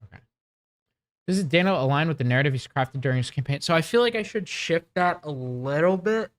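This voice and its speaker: A man's voice: on the high side, animated, brisk, no echo. A young man hosting a livestream, ranting casually about politics in a rambling, profane way with many fillers and restarts. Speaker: livestream host.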